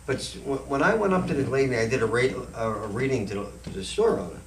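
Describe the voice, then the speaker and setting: A man's voice: mid-range voice, fast. A man, a psychic hosting a talk show, telling stories casually and acting out the voices in them. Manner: animated, acts out the voices in his stories. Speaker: host and psychic medium. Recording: echoey room, far from the mic, faint noise.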